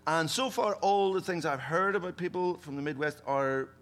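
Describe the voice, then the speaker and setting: A middle-aged Irish man, a comedian, telling jokes in an animated, laughing way on a panel. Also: on the high side, normal speed. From Ireland. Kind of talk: stand-up panel banter. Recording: live venue with crowd noise.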